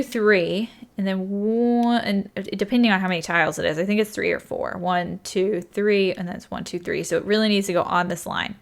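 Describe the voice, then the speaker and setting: A woman's voice: mid-range voice, creaky. A young woman giving casual let's-play commentary, thinking aloud, counting tiles under her breath and apologizing as she goes. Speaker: gaming YouTuber.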